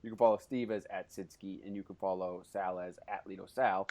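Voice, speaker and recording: A man's voice: sits low, fairly even intonation, fairly quick, darkish tone. A man hosting a casual podcast chat, talking loosely with plenty of fillers and restarts. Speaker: podcast host.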